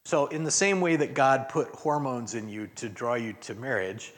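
A man's voice: medium pitch, moderate pace, few pauses. Conversational man preaching to a congregation. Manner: conversational, acts out prayers in voices, chuckles often. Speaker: guest speaker. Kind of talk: interactive sermon. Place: church sanctuary.

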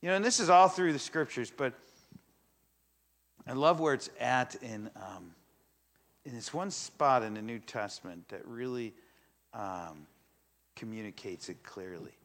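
An older man preaching a sermon to a congregation, telling a story with animated energy and acting out the voices in it. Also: medium pitch, a little slow, long pauses. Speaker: pastor. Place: church in front of a congregation.

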